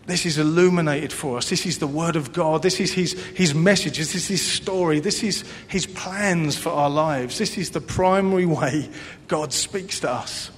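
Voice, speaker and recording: A fairly high-voiced man preaches with earnest repetition, dropping to a hush and then rising to strong emphasis. His voice rings with a long hall reverb. A faint low rumble sits underneath. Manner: earnest, repeats phrases, swings between loud emphasis and hushed softness. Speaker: pastor. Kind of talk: sermon.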